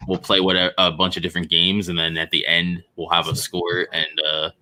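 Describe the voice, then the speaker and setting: A man's voice: low-pitched, completely flat delivery, brisk, sharp tone. A man co-hosting a gaming talk stream in casual chat, laid-back and explaining his plans with plenty of fillers. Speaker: co-host and game organizer.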